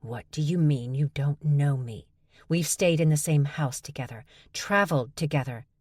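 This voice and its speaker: A woman plays a protective jackal-shifter big sister in an audiobook, low and stern. She sounds indignant and confrontational. The sound is dry and close. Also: normal speed, darkish tone, no room sound.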